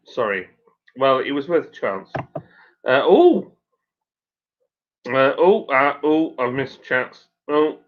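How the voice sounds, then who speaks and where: A man's voice: medium pitch, narrow, tinny audio. A man hosting a casual live stream, chatting and reading out viewers' messages, sometimes tripping over names.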